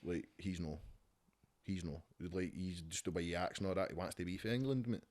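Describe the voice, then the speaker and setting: A man's voice: deep voice, brisk, darkish tone. A Scottish rapper, a man guesting on a casual podcast at home, talking bluntly and with a lot of swearing. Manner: profane, blunt, ranting. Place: his home.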